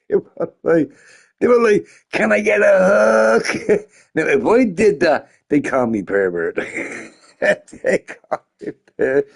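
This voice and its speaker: A man's voice: on the high side, huge pitch swings, takes it slowly, long pauses, darkish tone, breathy edge. Drunk, rambling male streamer. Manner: rambling, crude and jokey. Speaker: game streamer. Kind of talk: casual stream chat.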